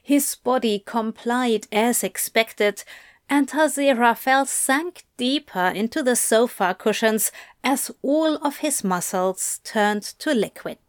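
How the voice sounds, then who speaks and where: A woman reading a story aloud in a soft, intimate narration. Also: fairly high pitch, slow, dry recording, clean studio sound. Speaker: reader.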